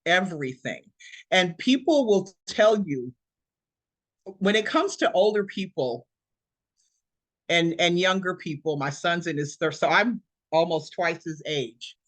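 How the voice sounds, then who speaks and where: A woman's voice: on the low side, expressive, unhurried, long pauses, no room sound. A woman around sixty giving a motivational talk over a video call as presenter, emphatic and preacherly, repeating her points.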